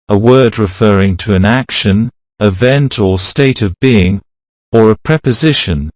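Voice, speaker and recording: A man with a lowish voice reads a pronunciation lesson in a slow, measured way, saying each example word on its own. The sound is close and dry, with no room around it. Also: darkish tone, no room sound. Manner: slow, deliberate, reads words out one by one. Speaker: pronunciation teacher. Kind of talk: scripted instructional narration.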